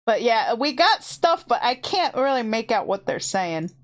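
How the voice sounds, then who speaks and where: A woman talking to her live chat from a desk mic at home, rambling and excited as she shares ghost stories. Her voice sits a little high and she takes her time, drawing out her words. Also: measured pace. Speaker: streamer sharing ghost stories. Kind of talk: casual storytelling to a live chat. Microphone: desk mic with headphones on.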